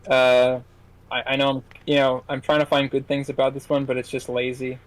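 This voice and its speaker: A man co-hosting a film podcast, reviewing a movie in casual chat with many halting restarts and fillers. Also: mid-range voice, completely flat delivery, rough recording. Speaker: podcast co-host, film critic.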